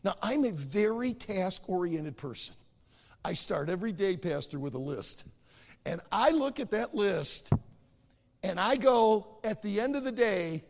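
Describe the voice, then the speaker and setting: Man pastor, high, gravelly voice, lively delivery, long hall echo. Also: measured pace. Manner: animated storytelling preacher. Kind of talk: sermon.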